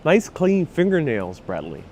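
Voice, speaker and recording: A man's voice: on the high side, wildly swooping pitch, a little slow, a little mellow. Chatty man live-streaming a street walk. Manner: chatty and upbeat, laughs often. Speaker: live-stream host walking the city. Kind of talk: casual live-stream chat reading viewer comments. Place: outdoors on busy city streets. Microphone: wireless clip-on mic with phone on gimbal.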